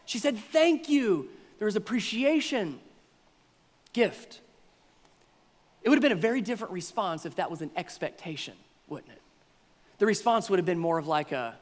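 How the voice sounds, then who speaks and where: Male pastor, high-pitched, animated sermon delivery, reverberant sanctuary. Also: moderate pace, long pauses. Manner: animated, acts out voices of congregants with playful exaggeration. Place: church sanctuary.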